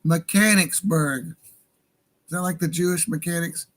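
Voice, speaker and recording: A man's voice: a little high, fairly even intonation, normal speed, darkish tone, a little hiss or hum, rough recording. A Native American man hosting a livestream radio show, talking casually in a rambling, profane way and laughing at his own jokes.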